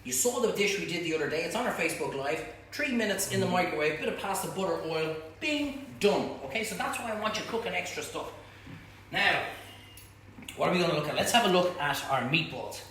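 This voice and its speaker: Male cook-along host, cheeky and blunt, a little high, recorded in a ringing kitchen. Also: animated, brisk, sharp tone. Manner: chatty, blunt, banters with viewers. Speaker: cooking show host. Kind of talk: live cook-along demonstration. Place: home kitchen. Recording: echoey kitchen, faint hum.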